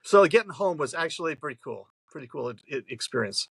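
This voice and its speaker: Gravelly older man telling a story. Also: on the high side, lively intonation, brisk, a bit bright, dry recording, rough recording. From New York State, USA. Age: 70s. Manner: chatty, rambling, frequent restarts. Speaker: podcast guest. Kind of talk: storytelling anecdote.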